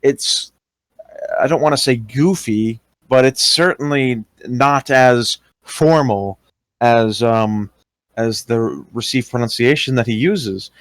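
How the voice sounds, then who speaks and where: A young man talks in a casual, halting way, often pausing on fillers and restarting sentences. His voice sits at an ordinary middle pitch. The sound is close and dry, with no room echo. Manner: hesitant, many fillers and restarts. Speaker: interviewee recounting experiences. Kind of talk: casual voice-call talk.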